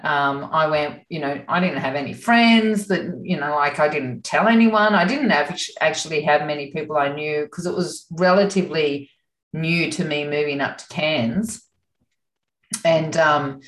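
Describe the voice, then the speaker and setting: A woman telling a story as an interview guest. She talks in a chatty, animated way, laughs often and has a fairly low voice. The recording sounds echoey, as if made in a bare room. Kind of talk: casual storytelling.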